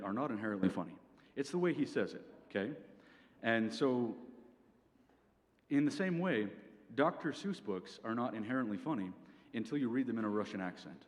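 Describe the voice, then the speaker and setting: A man's voice: mid-range voice, lively intonation, normal speed. Young man giving a dry comic talk. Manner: dry comic delivery, tags points with "okay?". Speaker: speaker at a student event. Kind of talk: comic presentation. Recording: reverberant hall, faint background noise.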